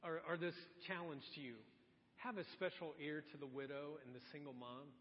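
A man's voice: fairly high pitch, a little fast, slight background noise. A man preaching a sermon as pastor, telling stories in an earnest, conversational way. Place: church sanctuary. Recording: dull sound in a large reverberant hall.

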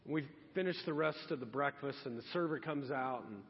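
Pastor telling a story in a reverberant church. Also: male voice, mid-range voice, brisk. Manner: conversational, confiding storytelling. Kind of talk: personal story in a sermon. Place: church sanctuary. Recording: reverberant hall, dull lo-fi sound.

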